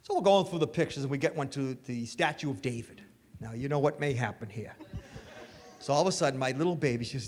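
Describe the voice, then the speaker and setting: A middle-aged man performing a stand-up comedy set with animated, punchy storytelling, recorded live on stage. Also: medium pitch, fast talker. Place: comedy stage before an audience. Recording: live hall with reverb, faint noise.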